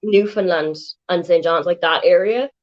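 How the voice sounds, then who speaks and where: Irish woman from Waterford, dry wit, casual chat, slightly lower register, muffled call sound. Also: normal speed. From Ireland. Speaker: guest co-host.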